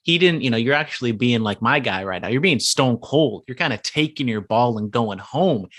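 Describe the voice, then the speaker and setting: A man co-hosting a casual podcast, teasing his friends in a wry, deadpan way. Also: mid-range voice, moderate pace. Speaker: podcast co-host.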